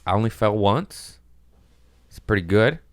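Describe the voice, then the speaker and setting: A man's voice: lowish voice, expressive, a little slow, no echo. A man hosting a casual comedy podcast, rambling in a profane, self-mocking way. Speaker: podcast host. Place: at home, gardeners working outside.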